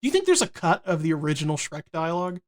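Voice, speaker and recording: Young male podcast co-host, high voice, rambling and profane banter. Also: sing-song, fast talker. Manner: rambling, profane, jokey with filler restarts. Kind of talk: casual chat.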